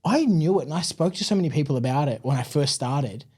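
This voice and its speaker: Australian man, mellow casual storyteller. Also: a little high, fast talker, husky. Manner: relaxed, chatty, many fillers like "man" and "like". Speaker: guest.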